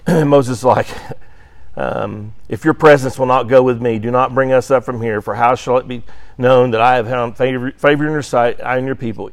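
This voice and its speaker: A man's voice: mid-range voice, normal speed. Man teaching an adult Bible class. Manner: reads scripture aloud with emphasis, frequent "right?" tag questions; occasionally clears throat. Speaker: Sunday school teacher.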